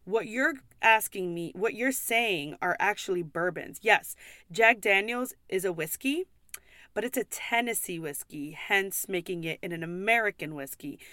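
A woman's voice: mid-range voice, bright, forceful tone, no room sound, studio quality. A young woman hosting a podcast, ranting casually and bluntly about customers at the pub where she serves, swearing often and laughing in exasperation.

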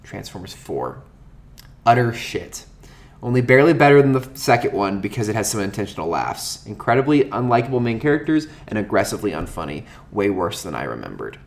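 A man's voice: lowish voice, brisk, gravelly. A man in a casual movie review chat, blunt and sarcastic about the films. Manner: blunt, sarcastic, lively delivery.

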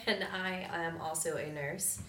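A woman's voice: lowish voice, fairly even intonation, a little slow. A woman actress introducing herself as a podcast guest, light and self-joking. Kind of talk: casual interview chat. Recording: roomy, distant mic with clear noise.

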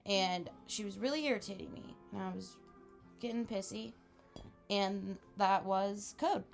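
A woman's voice: medium pitch, unhurried, vocal fry, soft background music. A woman in her twenties telling a wild story in casual chat, laughing often and acting out what people said. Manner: animated, laughing, acts out quotes. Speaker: podcast co-host.

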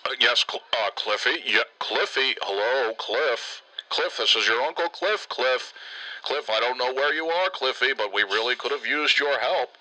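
A man's voice: mid-range voice, animated, moderate pace, sharp tone, no echo, poor audio. A man voicing a self-absorbed uncle who rambles and complains. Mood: complaining. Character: whiny self-absorbed middle-aged uncle.

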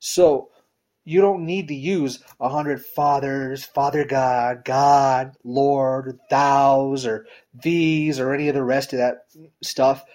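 A man's voice: steady tone, takes it slowly. A man giving a conversational sermon, talking straight to his listeners in a direct, informal way and often checking in with "you know" and "right?". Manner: emphatic swings in pitch and loudness. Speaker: preacher.

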